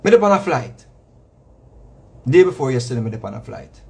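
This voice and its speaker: A man's voice: mid-range voice, sing-song, brisk, creaky, a little mellow, slightly rough. A man with a Jamaican accent, a reggae artist, talking in a casual monologue that repeats itself for emphasis. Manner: preachy, repetitive, emphatic with slang asides.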